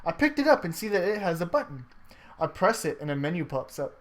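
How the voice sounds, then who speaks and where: A casual, loose reader working through a homemade adventure story for friends, at a middle pitch. They swear, joke, and stumble over the writing as they go. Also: very animated, fast. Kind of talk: casual reading aloud of a story among friends.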